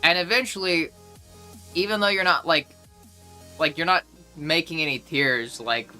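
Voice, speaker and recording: A woman's voice: sits low, moderate pace, sharp tone, faint music behind. A young woman streaming live, chatting casually and rambling with lots of fillers and restarts.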